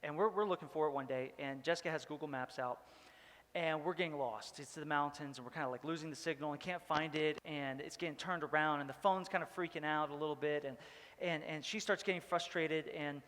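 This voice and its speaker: Man preaching, high bright voice, casual and joking, long hall reverb. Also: steady tone, fairly quick. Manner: casual, joking, rambling with many fillers. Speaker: pastor. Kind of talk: sermon. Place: church hall.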